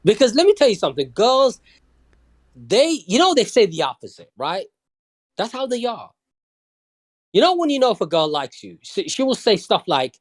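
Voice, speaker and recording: A man's voice: high-pitched, big pitch swings, normal speed. A man from London, a podcast guest in casual chat, talking bluntly with plenty of swearing and often asking if you understand.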